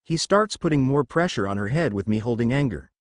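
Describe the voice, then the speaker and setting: A man's voice: medium pitch, animated, a little fast, dry recording, studio quality. A man narrating a first-person fan fiction story and reading every character's lines in his own voice. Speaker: fanfiction narrator.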